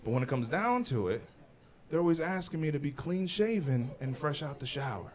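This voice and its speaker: A man's voice: on the high side, big pitch swings, brisk, a crowd in the background. A brash male stand-up comedian performing a profane, slangy set on stage, saying "bro" a lot. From United States. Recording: live stage mic with audience laughter.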